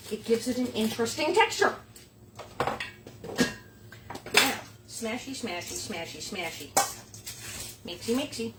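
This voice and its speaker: Brief: bright-pitched woman, chatty cooking-show host, playful, over clattering dishes. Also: noisy background. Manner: playful and chatty, with silly sing-song asides. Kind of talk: casual cooking demonstration. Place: kitchen. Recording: kitchen clatter of dishes and utensils behind.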